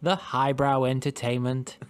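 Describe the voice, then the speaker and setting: A man's voice: medium pitch, steady tone, unhurried, slight background noise. A man co-hosting a podcast, chatting casually about a book in a playful, teasing way. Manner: playful, teasing, laughs at his own jokes. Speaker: podcast co-host.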